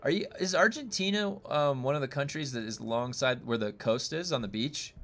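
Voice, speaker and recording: A man's voice: mid-range voice, fairly quick, a bit bright, soft background music. A man from the United States streaming a game and chatting casually with viewers, rambling with many fillers and restarts.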